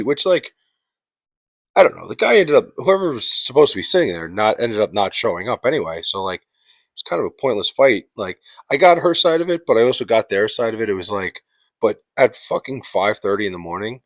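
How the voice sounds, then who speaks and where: Deep-voiced man ranting casually. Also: a bit bright, no echo. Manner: profane, exasperated, rambling with many fillers. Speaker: podcast host. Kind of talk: casual storytelling rant.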